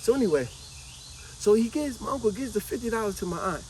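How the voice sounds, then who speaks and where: Man, casual storytelling, animated, acts out quotes, high pitch, faint background noise. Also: quick pace. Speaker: vlogger telling a childhood story.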